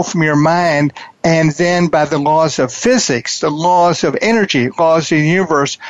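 A man hosting a coaching interview, talking in a preachy, emphatic way and repeating his key phrases slowly. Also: a little high, no room sound, dull audio. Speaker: podcast host and wealth coach.

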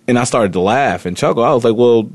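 A man's voice: mid-range voice, animated, fast, no room sound. A man hosting a sports talk radio show, chatting casually and rambling with lots of fillers and restarts. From Indiana.

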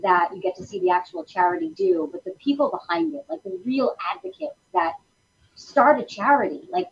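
A woman's voice: vocal fry, slightly rough, highs cut off. A woman guest on a talk show, chatting in a bubbly, effusive way. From Italian heritage. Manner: bubbly, effusive, swooping pitch. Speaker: guest, actress. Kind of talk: casual talk show chat.

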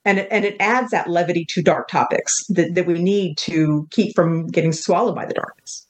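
A woman's voice: on the low side, normal speed. A woman author speaking as a guest on a talk show, earnest and reflective, with a self-deprecating touch. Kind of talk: casual interview chat.

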